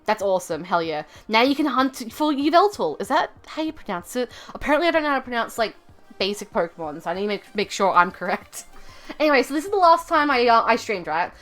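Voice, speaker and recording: A young woman livestreaming from home, telling a rambling story full of fillers and self-corrections in a chatty, expressive way. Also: fairly high pitch, fast talker, faint music behind. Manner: chatty and expressive, laughing at her own story. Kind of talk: casual livestream chat.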